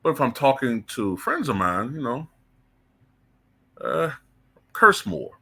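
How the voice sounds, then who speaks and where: A man's voice: medium pitch, big pitch swings, takes it slowly, creaky, pushed and bright, breathy edge. A man giving blunt, heated opinion commentary as the channel's host, cursing freely. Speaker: political commentator.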